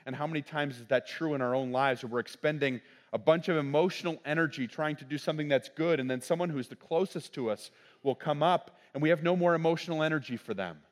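A man's voice: fairly high pitch, fast talker. A middle-aged man, a pastor, giving a sermon in a conversational storytelling way, often checking in with "right?" asides.

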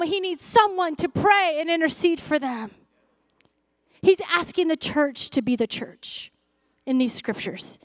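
A woman's voice: extremely high pitch, normal speed, dry recording, clean studio sound. A woman pastor preaching a fervent sermon, exhorting her church with rising, repeated calls.

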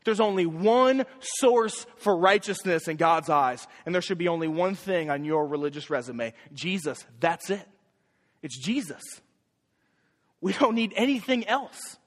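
A young man with a high voice preaches a sermon, pushing his pitch up sharply on each key point. His emphatic delivery rings out through a church hall with a long, trailing reverb. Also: expressive, a little slow. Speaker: young adults pastor.

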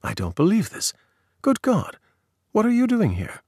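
A man's voice: mid-range voice, animated, fast talker, no echo, studio quality, close to an everyday voice. A man voicing a sly, brash middle-aged English man pulling a prank, pushy and mock-offended, as he reads dialogue in an audio article.

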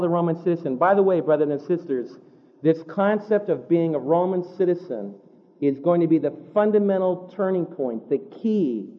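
A man preaching a sermon in vivid storytelling style. He slows down to stress key words and speeds up for asides. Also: fairly high pitch. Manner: vivid storytelling, shifts between slow emphasis and quick asides. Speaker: pastor. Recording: tinny phone-like sound.

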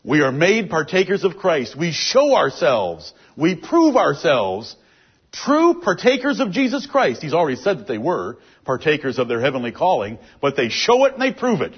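A man's voice: on the high side, huge pitch swings, moderate pace, slightly rough. A man giving a verse-by-verse Bible teaching, reading out scripture verses and explaining them with emphasis. It is a dull, lo-fi recording.

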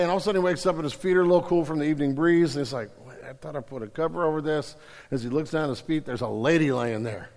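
High-voiced man preaching in a hall. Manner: animated, conversational preaching with quick asides and repeated restarts. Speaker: pastor. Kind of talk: sermon.

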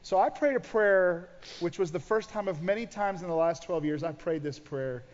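A man's voice: high voice, normal speed, a little mellow. A middle-aged male pastor preaching a sermon, telling his own story and acting out his past prayers. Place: church auditorium. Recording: dull sound in a large reverberant church hall.

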